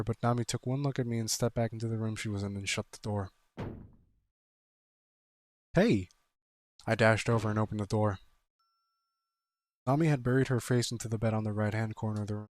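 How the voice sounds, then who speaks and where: A man with a medium-pitched, darkish voice streams a visual novel, reading its text aloud and breaking off into exasperated, profane commentary. There's no room sound.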